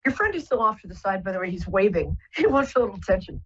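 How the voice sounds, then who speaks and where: Female psychic host, gentle and reassuring, husky voice, dull broadcast audio. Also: medium pitch, very animated, fast talker. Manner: gentle, reassuring, rambling with many fillers. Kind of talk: live call-in psychic reading.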